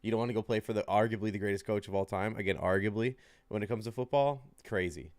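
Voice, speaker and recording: A man's voice: lowish voice, fast, a little mellow, no room sound. A man co-hosting a sports betting podcast, rambling loosely with frequent laughs and swearing. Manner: rambling, laughing often, profane. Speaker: podcast co-host. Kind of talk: casual sports chat.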